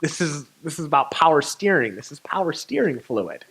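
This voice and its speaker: A young man from Michigan, a touring poet, telling a lively story to an audience and acting out the dialogue. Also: fairly high pitch, a little fast, slightly rough. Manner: animated, acts out dialogue with laughter. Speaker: touring poet and guest speaker. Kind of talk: storytelling talk.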